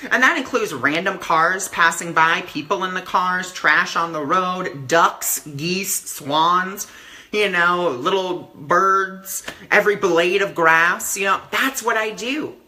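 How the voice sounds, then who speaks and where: A man's voice: high voice, takes it slowly, pushed and bright. A man giving a casual live-stream talk as a spiritual teacher, earnest and repeating affirmations, with many "you know" fillers.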